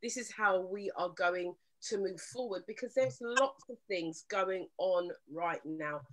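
A woman's voice: medium pitch, a little slow, fairly bright tone, low-quality recording. A woman hosting a live relationship talk show, chatting casually with callers, laughing often and turning earnest when she urges listeners.

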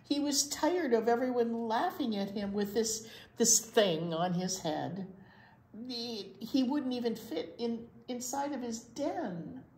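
A woman librarian reading a picture book aloud at a children's storytime, pausing to ask the children questions. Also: a little high, expressive, darkish tone, echoey room.

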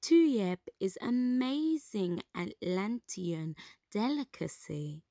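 A woman voicing a proud, cheerful young princess in a children's storybook reading, enthusiastic and lively. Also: mid-range voice, takes it slowly, no room sound, studio quality.

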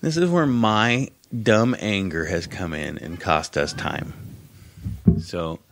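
A man's voice: low voice, takes it slowly, vocal fry, a bit bright. A man co-hosting a casual chat, telling a long story in a rambling, profane and wry way. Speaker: podcast co-host.

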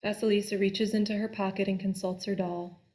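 A woman telling a folk tale aloud in a slow, deliberate, expressive way. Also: mid-range voice. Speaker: storyteller. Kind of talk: storytelling.

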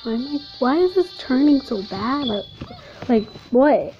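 A woman's voice: high voice, expressive, unhurried, dull audio, soft background music. A woman giving nervous, jumpy, giggly commentary while playing a horror game. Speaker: gamer.

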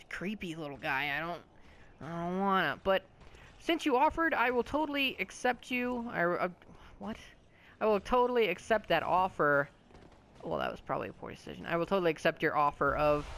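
A man's voice: a little high, a bit bright, clear, resonant tone. A man giving casual let's-play commentary, joking and swearing at enemies, his voice a bit sore from talking all day. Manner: jokey, rambling, self-mocking.

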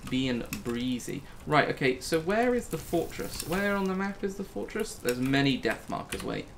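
Very animated, this gaming YouTuber keeps up a jokey running commentary on his video game and squeals shrilly when startled. His pace is moderate, and a little hiss or hum sits under the audio.

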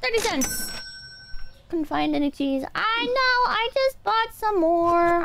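A woman's voice: very high voice, sing-song, moderate pace, creaky, heavy background noise. A woman streaming a game, chatting casually with her viewers in a chaotic, swearing, self-mocking way. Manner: chaotic, swearing, self-mocking, talking to chat while playing. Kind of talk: casual gaming stream chat.

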